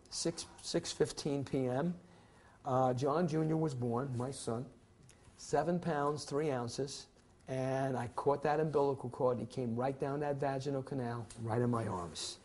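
A man's voice: mid-range voice, a little mellow, slight background noise. A man teaching a securities licensing class, lecturing theatrically and acting out client and broker scenes for the students. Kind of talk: classroom lecture with acted scenarios.

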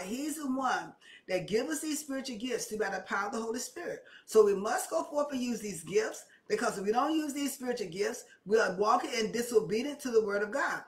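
A woman preaching a sermon with impassioned, repetitive emphasis that rises and presses her points. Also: a little high. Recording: echoey room, mic at a distance.

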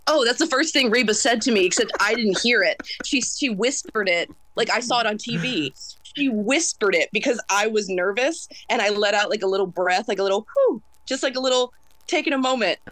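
East coast woman in her 30s, talks fast and kinda loud, intense, dry close sound. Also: fairly high pitch, no room sound. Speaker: interview guest, singer. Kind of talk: casual interview chat.

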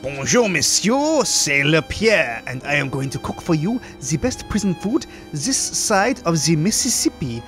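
A man's voice: fairly high pitch, sing-song, a little slow, hardly any pauses, fairly bright tone, soft background music. A man voicing a pompous French male prison chef in a put-on French accent, theatrical and sing-song. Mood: boastful.

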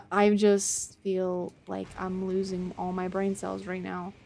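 A woman streaming a game, chatting to her viewers in a flustered, self-mocking way, with loud panicked outbursts and casual swearing. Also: mid-range voice, completely flat delivery, slow, creaky. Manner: swears casually, talks to chat. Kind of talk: casual gameplay commentary. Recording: faint game music behind.

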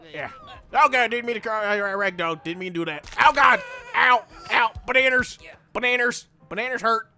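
A young man doing excitable let's play commentary, yelping and laughing as he plays. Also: sits high. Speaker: gaming channel host.

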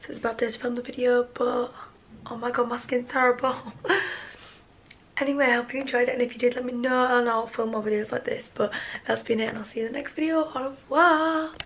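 A woman, chatting casually to camera at home, rambling and often speaking quietly. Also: a little high, fairly even intonation, quick pace. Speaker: lifestyle vlogger. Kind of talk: casual vlog chat to camera. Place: at home in a bedroom at night.

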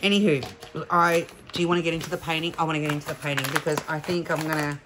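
A woman's voice: deep voice, fairly even intonation, fast talker, noisy background. Gushing, chatty woman. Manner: gushing, emotional, chatty with laughs. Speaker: crafting vlogger. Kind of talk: casual unboxing chat.

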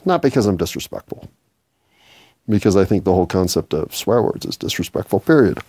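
A man's voice: on the low side, very animated, moderate pace, a little mellow, breathy edge, no echo, studio quality. A man hosting a solo podcast, rambling, swearing freely and joking at his own expense. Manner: rambling, profane and self-mocking. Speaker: podcast host.

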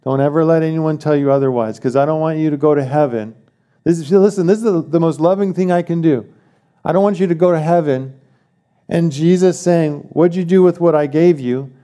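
A man's voice: on the high side, brisk, dark tone. A man preaching a sermon as pastor, emphatic, repeating key phrases and asking the congregation questions.

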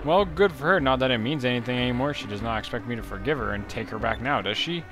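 A man's voice: mid-range voice, fast, music in the background, lightly acted. A man reading the part of a bitter older woman shopkeeper from a video game, in a curt, scornful voice near his own. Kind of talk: video game dialogue read aloud.

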